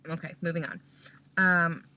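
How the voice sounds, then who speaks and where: A woman's voice: fairly low pitch, steady tone, normal speed, muffled recording. A Christian mother giving a casual spoken talk, explaining step by step and often checking in with "okay?".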